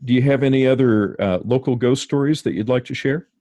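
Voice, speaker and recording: A man's voice: medium pitch, brisk, mellow, dry recording. A man hosting an interview, reacting to the stories and asking follow-up questions in casual chat. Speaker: interview host.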